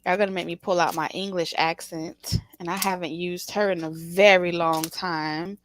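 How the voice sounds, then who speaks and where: A woman giving a casual, animated tarot reading, teasing the listener and laughing often. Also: fairly low pitch, moderate pace, a little hiss or hum. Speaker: tarot reader.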